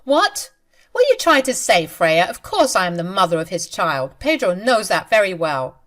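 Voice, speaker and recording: A woman voicing a scheming pregnant mistress who talks in a shrill, accusing way. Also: very animated, moderate pace, a bit bright. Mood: indignant.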